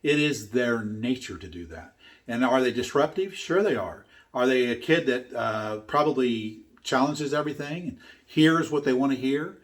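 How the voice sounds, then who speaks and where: An older man teaching his own method gives a motivational talk, telling a story in an earnest, emphatic way and repeating his key points. His medium-pitched voice has lively intonation at a normal speed.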